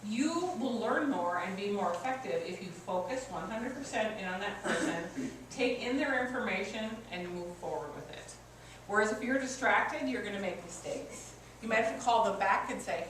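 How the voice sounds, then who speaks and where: This customer service coach is a woman with a medium-pitched, expressive, slightly bright voice and a moderate pace. She gives a workshop presentation to an audience in a meeting room, teaching conversationally through personal stories. Heard from far off in an echoey room, the clip carries faint ambience and slight background noise.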